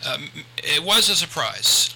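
Older guy hosting a radio talk show, super bright voice, rambly, a bit of noise behind. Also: on the high side, sing-song, unhurried, creaky, rough recording. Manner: chatty, rambling with many restarts. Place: radio studio.

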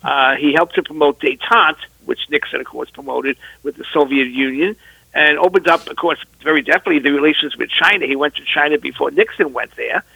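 A man's voice: a little high, brisk, gravelly, bright, forceful tone, breathy edge, no room sound, rough recording. A man teaching at a university, answering interview questions in an earnest, explanatory way.

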